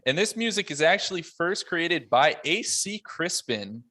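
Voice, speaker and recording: A man hosting a casual podcast roundtable, running briskly through notes and laughing often. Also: fairly high pitch, sing-song, bright, forceful tone. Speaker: podcast host.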